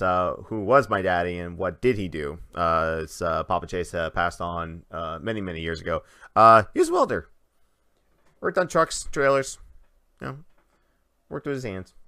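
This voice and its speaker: A man's voice: low-pitched, lively intonation, moderate pace, bright, forceful tone, clear, resonant tone. A man hosting a casual gaming podcast, easygoing and full of filler "uh"s. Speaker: podcast host.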